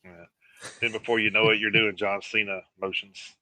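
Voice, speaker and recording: Halting, bright-toned radio co-host man. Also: lowish voice, level tone, no echo, rough recording. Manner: halting, filler-heavy reading of lists. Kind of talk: casual live radio chat.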